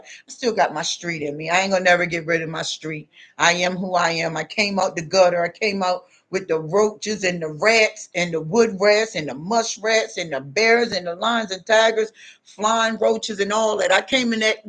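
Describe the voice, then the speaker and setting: A lowish, slightly bright female voice gives casual spiritual advice without a script. Her delivery is blunt and confrontational, rich in street slang, and directed at the listener with many "you know what I'm saying" tags.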